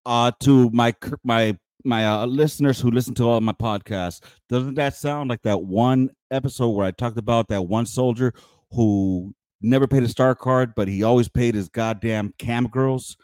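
A man's voice: medium pitch, moderate pace, darkish tone, dry recording. A man hosting a podcast, an army veteran trading crude, joking, swear-filled stories with an old comrade. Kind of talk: casual podcast chat.

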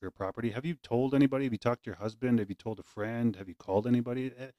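A man's voice: medium pitch, rapid-fire, warm tone, dry recording. A man interviewing a guest, polite and asking questions with stumbling restarts. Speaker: interviewer host.

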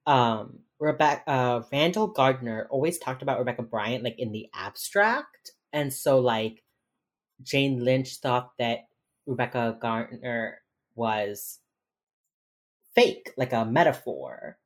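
A woman's voice: rumbling low, lively intonation, slow. A woman co-hosting a casual podcast chat, rambling with many fillers and swearing as she acts out quotes from a show. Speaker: podcast co-host recapping a TV episode.

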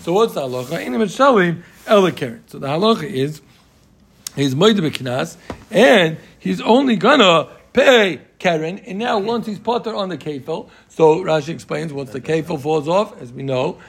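Man, high voice, gravelly, Talmud class leader, animated, repeats and acts out cases. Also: normal speed. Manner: animated, excitable, explains by repeating and acting out cases. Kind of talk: lively Talmud study session.

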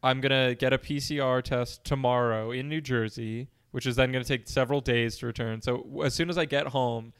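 Podcast co-host: congested, anxious New man, smooth resonant voice, talks in loose rambles. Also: medium pitch, fairly even intonation, brisk, few pauses. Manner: rambling, anxious, self-deprecating. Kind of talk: casual chat. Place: room at home.

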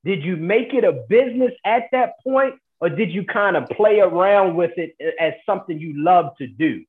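A man's voice: high-pitched, animated, moderate pace. A man hosting a networking interview show over a video call, upbeat, often tagging "right?" onto his points. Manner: upbeat, asks questions and adds "right?". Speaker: host. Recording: tinny phone-like line.

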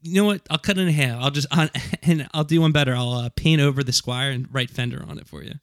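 A man's voice: mid-range voice, fast, dry recording, studio quality. Rambling, hesitant podcast man. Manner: rambling, hesitant, lots of restarts and laughs. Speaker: podcast co-host. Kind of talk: casual chat.

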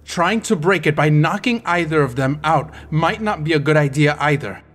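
A man voicing a cautious male advisor giving measured counsel to a queen. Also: fairly high pitch, animated, a bit bright.

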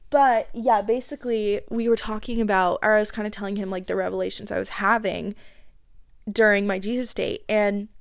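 A young woman with a congested voice, earnestly chatting through a faith podcast episode with frequent fillers and soft laughs. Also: a little high, gravelly, no room sound, studio quality. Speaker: podcast host. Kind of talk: casual faith podcast monologue.

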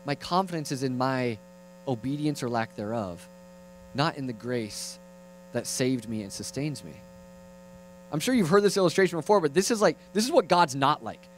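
Young man, preacher, lively sermon, fairly high voice, playful asides, faint electrical hum behind. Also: rough recording. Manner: animated, swings from loud to hushed, playful asides.

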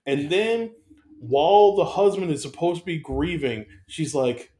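A man chatting casually about a film, animated and profane, rambling with restarts as he talks. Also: fairly high pitch, a little slow. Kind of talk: casual movie review chat.

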